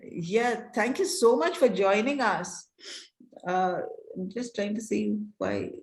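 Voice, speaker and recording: A woman's voice: mid-range voice, wildly swooping pitch, slow pace, darkish tone, echoey room, poor audio. Upbeat woman moderating an online panel. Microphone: video call.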